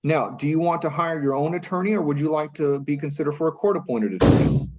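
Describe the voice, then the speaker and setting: A man's voice: a little high, fast, noisy background. A man serving as magistrate judge at a first appearance hearing, speaking firmly but patiently and repeating himself to keep the defendant listening. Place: courtroom.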